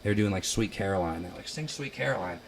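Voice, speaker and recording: Young male musician from Ohio, casual chat in a basement, low voice, bursts into loud quoted lines. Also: fast talker. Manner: animated, laughing, acts out quotes loudly. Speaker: musician guest.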